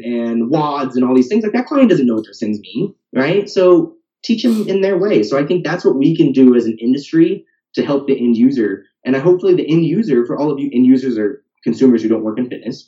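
A man's voice: mid-range voice, warm tone. Man, fitness coach, casual chat, keeps saying right, dull lo-fi sound, echoey room. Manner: talkative, ends points with "right?". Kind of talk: casual podcast conversation. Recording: roomy, distant, dull lo-fi sound.

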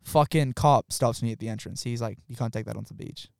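A man's voice: mid-range voice, fast, creaky, a little mellow, no room sound, clean studio sound. A young man with an Australian accent, telling stories in casual chat, swearing and laughing often. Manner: swearing, laughing storyteller, acts out quotes.

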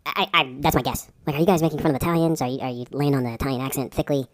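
A man in his forties co-hosting a casual chat podcast, laid-back and joking, quick to laugh. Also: medium pitch, steady tone. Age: 40s. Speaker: podcast co-host.

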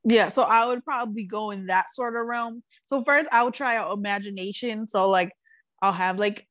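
A woman's voice: mid-range voice, moderate pace, fairly bright tone, no room sound. A woman co-hosting a podcast in casual chat, talking loosely with lots of fillers and frequent laughter. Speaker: podcast co-host.

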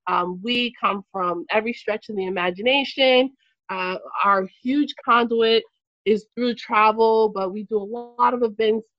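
A woman's voice: a little high, fairly even intonation, a little slow, no room sound, dull audio. A playful woman hosting a casual group podcast, laughing often as she introduces the guests. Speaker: podcast host and company CEO.

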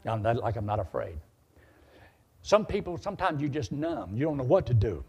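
Preacher telling a story from the pulpit, husky voice, lively swinging pitch. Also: male voice, moderate pace. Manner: animated, acts out dialogue. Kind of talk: sermon storytelling.

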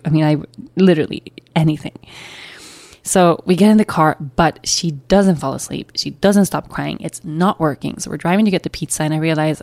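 A woman's voice: sits low, a little mellow, no room sound. A young woman and new mother candidly telling a personal story in a chatty, emotional way. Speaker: podcast host.

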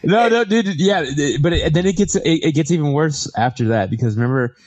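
A man's voice: fairly high pitch, animated, fairly quick, a little mellow. A man co-hosting a podcast, casually chatting about a horror movie with short, laid-back replies. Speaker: podcast co-host. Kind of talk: casual movie recap chat.

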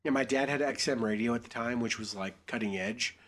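A young man hosting a podcast reads a story aloud, riffing off the script with crude jokes as he goes. His voice is medium-pitched, slightly bright, and fairly quick.

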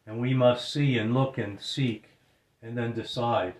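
A man preaches a sermon in an earnest way, repeating his phrases to drive them home. His voice sits at an ordinary middle pitch, and the recording carries a roomy echo. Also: steady tone, unhurried.

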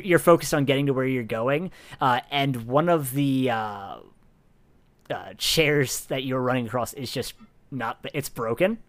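Halting male game master. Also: mid-range voice. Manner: halting, lots of fillers and restarts. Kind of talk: narrating a tabletop game.

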